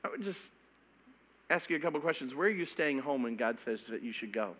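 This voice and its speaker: A middle-aged pastor preaching a sermon in an animated, emphatic way, often stumbling and repeating words as he goes. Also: mid-range voice, brisk.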